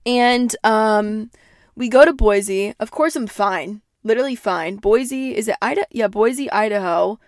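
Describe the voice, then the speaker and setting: A young woman hosting a podcast, telling stories in a casual, animated way, swearing freely and saying "like" constantly, and calling herself dramatic. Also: fairly high pitch, a little slow, dry recording, studio quality. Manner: self-described dramatic. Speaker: podcast host. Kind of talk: casual storytelling monologue.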